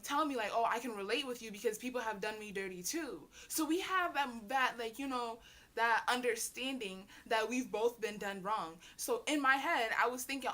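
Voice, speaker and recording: Bright-voiced chatty young woman vlogger. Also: on the high side. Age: young adult. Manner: chatty and animated, slangy, bursts into shrieks. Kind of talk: storytime vlog.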